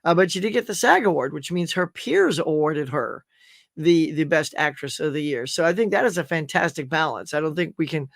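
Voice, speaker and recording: A man's voice: on the high side, no room sound, clean studio sound. A man hosting a casual live chat show, rambling through viewer comments with lots of fillers and restarts. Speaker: host.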